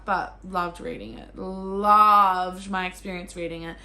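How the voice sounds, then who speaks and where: A woman's voice: on the low side, measured pace, hardly any pauses. Gushing young Australian woman. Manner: gushing and excitable, with sudden squeals and swearing. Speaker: book vlogger. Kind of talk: casual chat.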